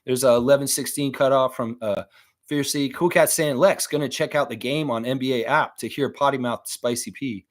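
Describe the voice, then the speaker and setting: A man's voice: medium pitch, moderate pace. A man hosting a live stream, chatting casually and reading viewer comments aloud between rambling thoughts. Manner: rambling, reads chat aloud, laughs often.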